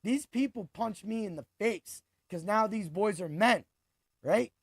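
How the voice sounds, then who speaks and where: A man in his forties hosting a sports podcast, talking through fight picks in a hyped, boastful way with quick bursts of emphasis. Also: high-pitched, lively intonation, husky, no room sound, clean studio sound. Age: 40s. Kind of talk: casual sports commentary.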